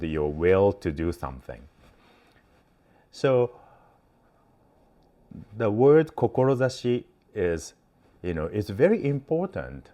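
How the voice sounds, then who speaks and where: A man giving a casual spiritual teaching talk as host, gentle and hesitant, with many fillers. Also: low-pitched.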